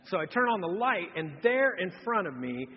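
A man in his thirties preaching a humorous sermon, telling a self-mocking story in an animated way. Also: high-pitched, moderate pace, husky, long reverb tail, highs cut off. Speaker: pastor. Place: church auditorium.

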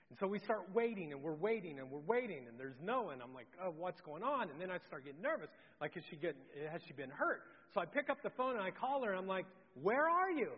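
A middle-aged man preaching a sermon as pastor, telling a story that swings from loud to hushed. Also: sits high, in a large hall, muffled recording. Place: church sanctuary.

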